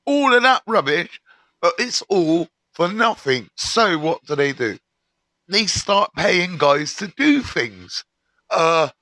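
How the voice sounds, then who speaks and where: A middle-aged man spins a prison tale live to his viewers, swearing freely and dropping street slang. His voice sits high for a man and comes across bright and sharp. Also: dry recording. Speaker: live-stream host. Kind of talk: storytelling on a live stream.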